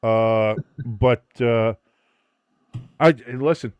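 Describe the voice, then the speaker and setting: A man's voice: mid-range voice, slow pace, clear, resonant tone, no echo, highs cut off. A man hosting a casual sports watch-along stream, rambling, joking and swearing freely. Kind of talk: casual livestream chat.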